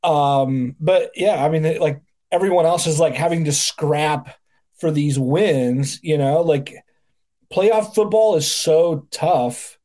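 A man's voice: on the high side, takes it slowly, warm tone. A man co-hosting a casual sports podcast, joking and rambling with lots of fillers. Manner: jokey, rambling, filler-heavy. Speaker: podcast co-host.

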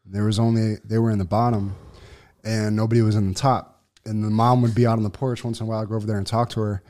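A man's voice: fairly low pitch, little pitch movement, fast, dark tone. Laid-back man telling a story. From Buffalo, New York. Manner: laid-back, swears often. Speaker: podcast co-host. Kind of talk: casual podcast storytelling.

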